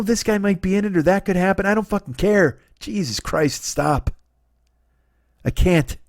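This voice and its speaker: A man's voice: high-pitched, no room sound. Middle-aged male podcast comic, profane stammering ranter, dry close mic. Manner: ranting, stammering restarts, sarcastic. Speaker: comedy podcast host. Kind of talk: profane comedic rant.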